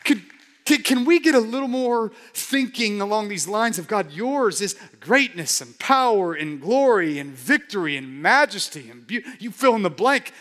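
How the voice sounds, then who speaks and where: A man pastor preaching a sermon with fervor, repeating words and swinging between loud declarations and hushed murmurs. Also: high voice, animated, normal speed, long reverb tail, a faint crowd. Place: large church hall.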